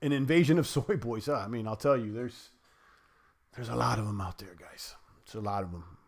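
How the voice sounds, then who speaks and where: A man's voice: mid-range voice, fairly quick, darkish tone. A man hosting a livestream, chatting loosely and reading viewer comments aloud. He rambles with many fillers and restarts and trash-talks trolls playfully. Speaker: crypto livestream host.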